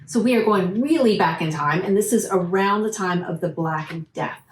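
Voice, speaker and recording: A woman chatting casually to her viewers about her reading week, animated and full of restarts. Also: medium pitch, moderate pace, roomy sound, slight background noise, poor audio. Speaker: book vlogger. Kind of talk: casual chat to camera.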